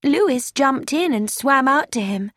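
A young woman pours out a worried, chatty letter in earnest, confiding tones, as a woman narrator reads it. The voice sits high and moves slowly. The recording is dry and close. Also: animated, a bit bright, dry recording, heavily acted. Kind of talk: scripted narration.

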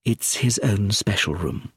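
A man voicing a quiet, composed middle-aged woman in a read story, speaking in a calm, measured way. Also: lowish voice, husky, no room sound, clean studio sound, full character voice.

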